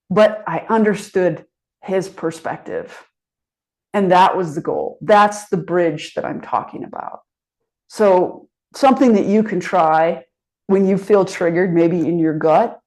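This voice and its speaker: A woman's voice: lowish voice, darkish tone, rough recording. A middle-aged woman leading a workshop, telling stories casually with frequent fillers. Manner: chatty storytelling with frequent fillers. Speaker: workshop trainer and executive coach. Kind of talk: conversational workshop presentation.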